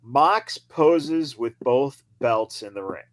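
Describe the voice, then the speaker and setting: A man's voice: medium pitch, expressive, takes it slowly, dry recording. Mocking man in a dry room. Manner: mocking, laughs through rants, swears. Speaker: podcast co-host. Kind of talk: casual wrestling commentary.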